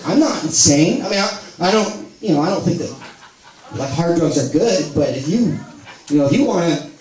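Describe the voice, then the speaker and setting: A man's voice: on the high side, animated, normal speed, darkish tone. Late-30s man, live spoken word, rambling self-mocking delivery, distant mic in an echoey room with a crowd. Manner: rambling, self-deprecating storytelling with audience laughs. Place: small live venue with audience. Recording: roomy live recording from far off, crowd noise. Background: audience laughter.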